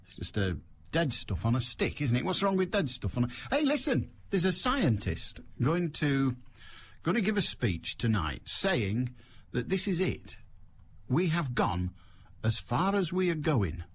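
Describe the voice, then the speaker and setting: A man's voice: a little high, big pitch swings, a little slow, husky. A man hosting a radio phone-in show, delivering a sarcastic, mocking, rambling monologue into a studio microphone.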